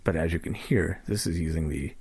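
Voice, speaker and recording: A man's voice: deep voice, fairly quick, darkish tone, breathy edge. A man giving a casual spoken demonstration of assistive tech. He talks loosely, with fillers and self-corrections, into a portable recorder.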